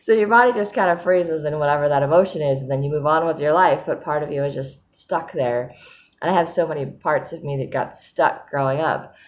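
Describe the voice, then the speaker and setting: A woman's voice: low voice, brisk. A woman talking in a casual diary vlog, sleepy and yawning, rambling and self-deprecating with frequent laughs. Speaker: vlogger.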